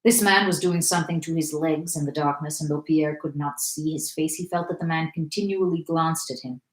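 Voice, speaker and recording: A woman reading a classic novel aloud in a clear, even way. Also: low voice, fairly quick. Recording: echoey room.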